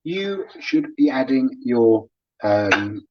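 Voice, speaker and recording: A man hosting a live cooking demo, relaxed and chatty, laughing often as he explains each step. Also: medium pitch, slow pace, husky. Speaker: cooking show host. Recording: dull lo-fi sound.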